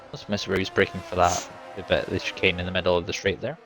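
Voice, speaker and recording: A man with a fairly low voice adds loose, rambling race commentary and often talks himself in and out of a point. Faint background noise hums under the recording. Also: level tone, fast. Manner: casual, rambling, second-guessing himself. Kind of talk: sim racing commentary.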